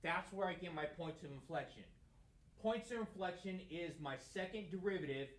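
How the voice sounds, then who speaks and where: In an echoey classroom, a man with a slightly higher voice teaches a math lesson at a moderate pace. He lectures conversationally, repeatedly posing questions and then answering them himself.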